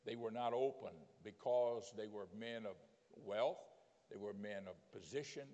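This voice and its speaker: A man preaching a sermon as a bishop, telling scripture stories in a plain, homely way with frequent pauses and "uh"s. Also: fairly low pitch, dark tone, big-room sound. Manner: plain-spoken storytelling preaching with frequent "uh" and drawn-out emphasis.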